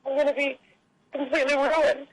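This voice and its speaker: A woman voicing a jilted wealthy wife who makes wishes, in a halting, wry delivery. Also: sits high, level tone, poor audio.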